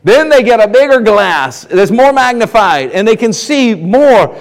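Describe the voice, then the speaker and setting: Animated high-voiced preacher man. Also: unhurried. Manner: animated, acts out skeptics in mocking voices. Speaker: pastor. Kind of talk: sermon. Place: church sanctuary. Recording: long reverb of a church hall.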